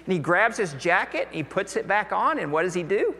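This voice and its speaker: Guy preaching, tells the story like he's right there, bright voice, lots of hall echo. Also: high voice, very animated, brisk, hardly any pauses. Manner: vivid storyteller, acts out quotes, asides to listeners. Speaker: pastor. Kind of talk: storytelling sermon. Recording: long hall reverb.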